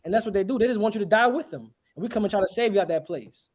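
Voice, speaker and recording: A man's voice: high voice, lively intonation, rapid-fire. A man preaching a street sermon in an emphatic, questioning way, throwing rhetorical questions at his listeners.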